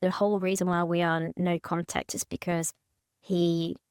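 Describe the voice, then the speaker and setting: A woman in counselling, speaking hesitantly and haltingly about her fears, with frequent restarts. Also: lowish voice, level tone, darkish tone, smooth, no echo, studio quality. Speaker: mother seeking counselling. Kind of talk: emotional counselling conversation.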